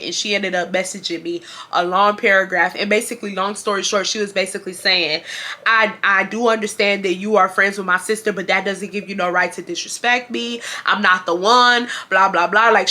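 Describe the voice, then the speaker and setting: A woman, telling a casual storytime and acting out the quotes in slang. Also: mid-range voice. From Houston, Texas. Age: 20s. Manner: animated, acts out quotes with slang. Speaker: YouTube storyteller.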